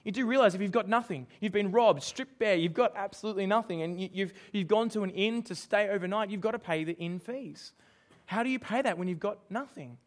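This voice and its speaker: A man's voice: sits high, a little fast. A man preaching a sermon, emphatic and asking his listeners questions. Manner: emphatic, asks the congregation questions.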